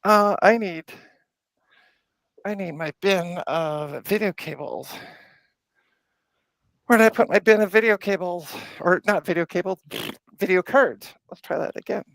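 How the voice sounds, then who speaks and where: A woman's voice: lowish voice, a little slow, gravelly, long pauses, dry recording. A woman hosting a casual live stream from her home workbench, chatting playfully as she narrates her tinkering. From Canada. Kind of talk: casual live-stream chat while working.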